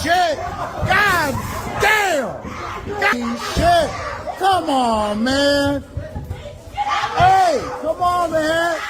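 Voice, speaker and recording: Excited man yelling in a loud crowd. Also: extremely high pitch. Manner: excited, swearing, drawn-out. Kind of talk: shouted bystander commentary. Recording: noisy crowd in a big hall.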